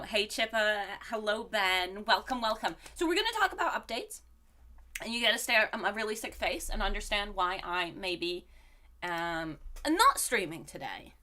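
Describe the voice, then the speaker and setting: A woman's voice: mid-range voice, bright, forceful tone. A woman streamer who is sick, chatting casually on a live stream and greeting viewers one by one in a bouncy way. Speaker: game streamer.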